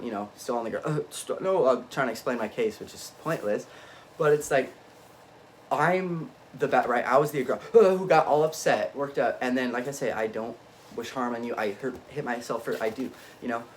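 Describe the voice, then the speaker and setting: A man talks on and on in a loose, unscripted monologue at an ordinary mid pitch. His delivery swings between low muttering and sudden emphatic bursts, and he keeps breaking off and restarting his thoughts. Faint noise sits behind him. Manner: frequent self-interruptions and restarts. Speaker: vlogger.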